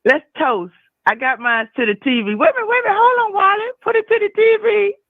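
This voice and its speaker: Caller: woman, 60s, folksy and effusive, high, swooping voice over a tinny, dry phone line. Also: animated, fast talker, no echo. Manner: effusive, laughs often, folksy. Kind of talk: casual call-in chat.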